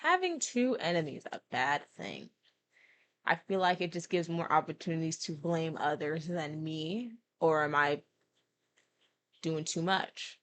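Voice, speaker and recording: A woman's voice: low-pitched, animated, measured pace, a bit bright. A young woman casually commenting and reading game text aloud as a let's-play streamer, giggly and self-deprecating. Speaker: gaming streamer.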